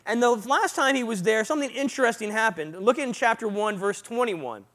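A man's voice: high-pitched, brisk. A man who is no longer young preaching a casual, conversational sermon, often quizzing his listeners with "right?" and "what?". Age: not young. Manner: lively, quizzes the audience with frequent "right?" and "what?".

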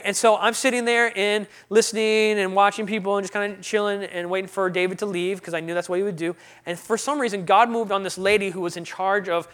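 Animated young man telling his testimony. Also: high-pitched. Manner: animated, acts out his own and others' lines in dialogue. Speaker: speaker sharing a testimony. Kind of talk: personal testimony storytelling.

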